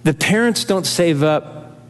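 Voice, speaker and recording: A man's voice: a little high, expressive, takes it slowly, big-room sound. An older man preaching a sermon as pastor, earnest and expository, with shifting pace.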